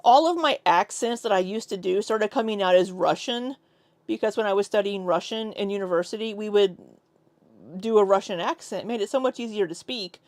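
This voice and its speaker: A young American woman talks casually to her stream viewers, laughing a lot as she goes. Her voice sits at a medium pitch and sounds very dry and close, with no room around it. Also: a little fast, a little mellow, no room sound. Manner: chatty, laughs often, tries out silly accents. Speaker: live streamer.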